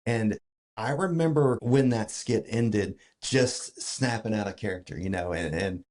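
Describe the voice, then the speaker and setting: A man from Georgia, US, appears as a guest on a casual podcast, speaking at a measured pace in a fairly low voice. He recounts a long story with animated energy, leaning heavily on fillers and restarting often.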